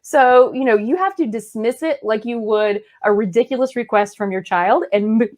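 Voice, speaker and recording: A woman's voice: normal speed, darkish tone. A woman in her thirties co-hosting a podcast in casual chat, talking freely and laughing often. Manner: chatty, laughs often, puts on squeaky voices to make a point. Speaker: podcast co-host.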